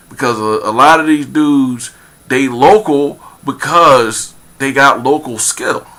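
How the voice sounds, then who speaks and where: A man's voice: mid-range voice, a little slow, bright, forceful tone. A man giving a rambling casual commentary, full of fillers and repeated phrases, turning emphatic as he goes. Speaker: vlogger.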